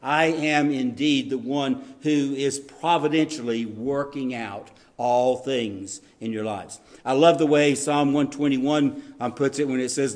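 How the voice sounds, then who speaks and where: A man preaching a sermon as pastor, earnest, rising on scripture readings and dropping low to stress key lines, with occasional ums and restarts. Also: steady tone, unhurried, hardly any pauses.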